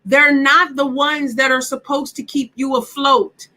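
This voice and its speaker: A woman's voice: sits high, steady tone, a little slow, pushed and bright. A woman leading a live online workshop, talking emphatically and chattily, repeating her points and asking the audience direct questions. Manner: talks straight to the audience with questions. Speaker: workshop instructor.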